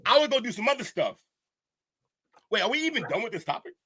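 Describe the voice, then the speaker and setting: A man co-hosting a casual podcast, joking with quick interjections. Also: high-pitched, very animated, pushed and bright, husky. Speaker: podcast co-host. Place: podcast studio.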